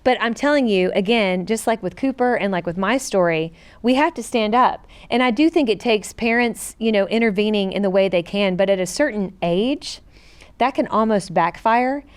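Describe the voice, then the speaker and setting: A woman's voice: medium pitch, moderate pace, clear, resonant tone. Earnest woman telling a personal story. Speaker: podcast co-host. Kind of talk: personal storytelling in a casual chat.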